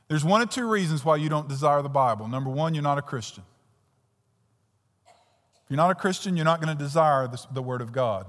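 A man preaching a sermon as pastor, putting direct questions to his congregation and swinging between emphatic and hushed delivery. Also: on the high side, a little fast, big-room sound.

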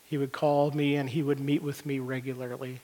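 Here a middle-aged man preaches at a brisk clip, his medium-pitched voice warm but showing little pitch movement. Speaking as a pastor in a church hall, he stays earnest and conversational, circling back over words as he finds them, all under a long reverb.

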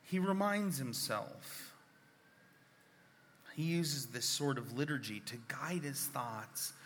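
Male pastor, sermon delivery: slow, earnest, bright forward tone, mid pitch. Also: long reverb tail, a little hiss or hum. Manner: unhurried, earnest, drops to a near whisper when reading scripture.

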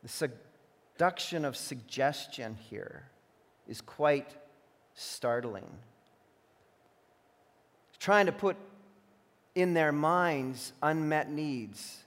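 High-voiced preacher in a reverberant hall. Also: male voice, animated, drawn-out words, pauses often. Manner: voices imagined speakers, alternates emphatic and hushed. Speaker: pastor. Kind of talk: sermon. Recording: long reverb of a large hall.

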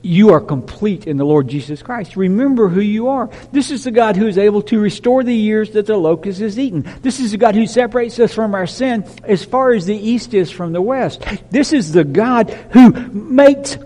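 A man preaching a sermon, emphatic, dropping to a hush and rising to loud declarations. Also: high-pitched, lively intonation, normal speed, long reverb tail. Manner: emphatic, swinging from hushed to loud.

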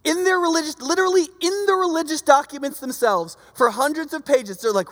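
A preacher giving a casual, conversational sermon, lively and acting out the voices of people in the stories. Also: high-pitched, brisk. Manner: animated, acts out quoted voices. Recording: long reverb of a large hall.

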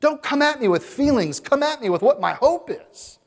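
A man's voice: extremely high pitch, very animated, normal speed, in a large hall, pitched above the performer's own voice, full character voice. A preacher acting out an irate dying old man. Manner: angry, demanding, loud.

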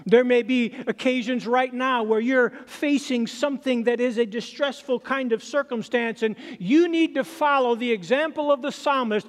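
A man preaching a sermon as pastor, reading scripture slowly and dramatically with long pauses. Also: extremely high pitch. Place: church sanctuary. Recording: reverberant hall.

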